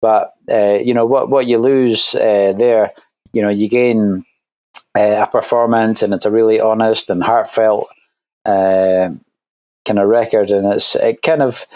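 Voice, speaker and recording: A Scottish man talks casually as an interview guest, pausing often with fillers and restarting his sentences. His voice sits at an ordinary pitch, and the recording is dry with no room echo. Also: fairly even intonation, a little mellow. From Scotland. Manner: hesitant, many fillers and restarts. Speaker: guest musician.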